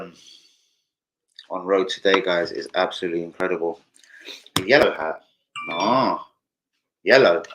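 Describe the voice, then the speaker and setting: A young man with a fairly low voice chats casually on a football fan livestream, rambling, swearing, and reading viewer comments aloud over a noisy background.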